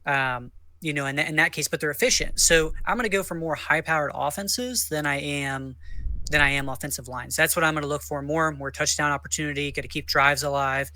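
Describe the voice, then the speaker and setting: A man co-hosting a podcast in casual chat, hedging his views and thinking out loud. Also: fairly high pitch, brisk. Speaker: podcast co-host.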